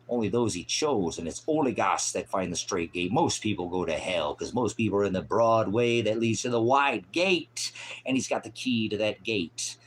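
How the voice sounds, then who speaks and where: Man, fiery sermon, deep voice, mocking and scolding, faint background hiss. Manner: swings from loud outbursts to low mutters. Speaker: preacher.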